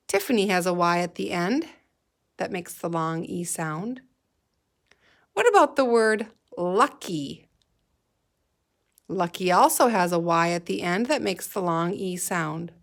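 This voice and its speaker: A woman's voice: medium pitch, lively intonation, unhurried, pauses often, fairly bright tone. A woman teacher giving a patient, encouraging reading lesson to young children.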